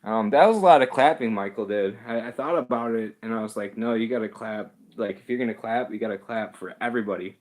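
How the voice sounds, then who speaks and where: A man's voice: fairly low pitch, fast, few pauses, darkish tone. A man hosting a livestream, chatting casually and rambling with chuckles and self-deprecating asides. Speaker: livestream host. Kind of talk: casual chat reading live comments.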